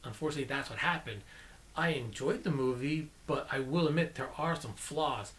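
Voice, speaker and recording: A man's voice: mid-range voice, brisk, a bit bright. A man giving a casual, rambling movie review, enthusiastic and often correcting himself mid-sentence.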